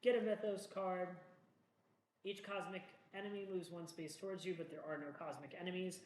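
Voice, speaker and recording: A man's voice: sits high, steady tone, normal speed, darkish tone. A man hosting a solo board game playthrough, chatting through each move in a jokey, self-mocking way. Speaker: solo board game player and channel host. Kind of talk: casual playthrough commentary. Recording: echoey room with faint noise.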